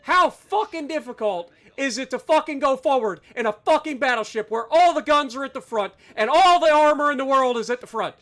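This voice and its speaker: High, bright, furious game streamer. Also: animated, a little fast, few pauses. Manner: angry, profane ranting at teammates; heavy sarcasm. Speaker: livestreamer. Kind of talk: live gameplay commentary.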